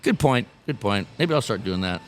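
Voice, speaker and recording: A man's voice: fairly low pitch, animated, moderate pace, slight background noise. A man from Canada with a Canadian accent, chatting casually on a podcast as a guest, laughing often and trailing off into restarts.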